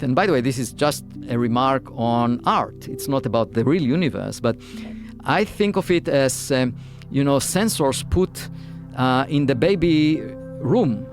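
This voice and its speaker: A man, a physicist guest, talking through an interview with many pauses, fillers and restarts. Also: medium pitch. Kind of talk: interview conversation.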